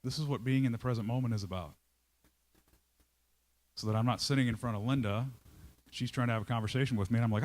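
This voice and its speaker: Male company leader on stage, storytelling talk, conversational and animated, acts out his own thoughts, middle pitch. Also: fast, long pauses. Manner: conversational, checks in with listeners. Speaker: CEO giving a talk. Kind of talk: storytelling talk to a live audience.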